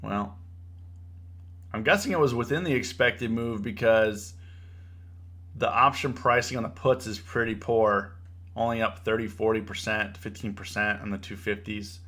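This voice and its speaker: A man's voice: on the low side, normal speed. A young man hosting a live trading stream, talking casually and getting worked up as he lectures, repeating himself a lot. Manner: animated, preachy, repeats himself, says "bro" and "you know". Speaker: livestream trading host. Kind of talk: casual livestream commentary.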